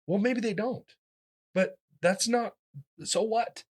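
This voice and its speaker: Animated storytelling comedian man. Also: takes it slowly. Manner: animated, acts out quoted voices with big pitch jumps; talks in restarts and fillers, lively physical-comic energy. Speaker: comedian guest. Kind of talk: casual interview storytelling.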